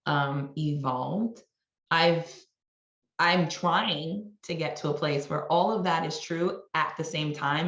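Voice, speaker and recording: Low-voiced woman from New York. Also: slow, a bit bright, roomy sound, muffled recording. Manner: candid, conversational, many restarts. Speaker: guest, marketing executive. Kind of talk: podcast interview.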